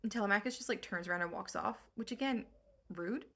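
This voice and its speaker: A woman's voice: mid-range voice, a little fast, sharp tone. A woman recapping an old story for comedy in slangy, sarcastic valley-girl speech. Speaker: host.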